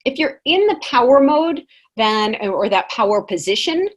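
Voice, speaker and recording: A woman's voice: on the high side, normal speed. Engaging woman leading an online workshop. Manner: lively, engaging, reads chat responses aloud. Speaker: workshop presenter.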